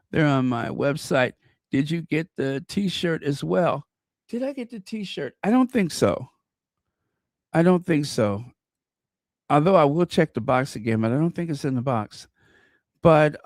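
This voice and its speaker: A man's voice: on the high side, dry recording, studio quality. A man hosting a casual livestream, gushing over gifts and greeting viewers by name. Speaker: channel host. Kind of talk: casual live-stream chat.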